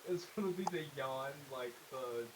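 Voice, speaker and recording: A man's voice: mid-range voice, normal speed. A man playing a tabletop game, joking around in casual chat. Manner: joking, animated. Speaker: player. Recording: hissy home recording.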